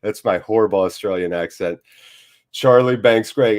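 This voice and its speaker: A man's voice: fairly low pitch, normal speed. A man hosting a live football watchalong, chatting to viewers in an upbeat, jokey way and reading out their comments. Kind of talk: live-stream chat to viewers.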